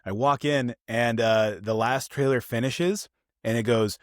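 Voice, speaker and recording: A man co-hosting a podcast, chatting casually about films and acting out the people in his stories with lively energy. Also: medium pitch, unhurried, dry recording, clean studio sound. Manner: animated storytelling, acts out quoted people. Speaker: podcast co-host. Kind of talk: casual film review chat.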